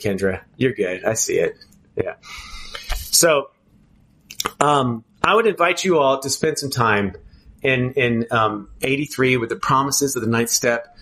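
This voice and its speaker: A man's voice: medium pitch, fairly bright tone. A man speaking candidly at a twelve-step recovery meeting, earnest and emphatic, often restarting his phrases.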